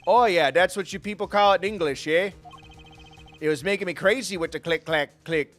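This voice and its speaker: A man's voice: high-pitched, normal speed, fairly bright tone, faint music behind. A man putting on a snooty Canadian gent. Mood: indignant. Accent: put-on Canadian. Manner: exaggerated "eh"-tagged delivery. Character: snooty Canadian-accented middle-aged man. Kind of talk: reading game dialogue aloud on stream.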